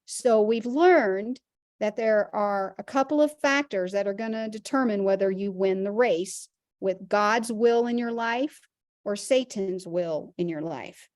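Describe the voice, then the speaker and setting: A woman's voice: mid-range voice, measured pace, darkish tone, dry recording, clean studio sound. A woman teaching a Christian health class, earnest and emphatic, using vivid everyday examples.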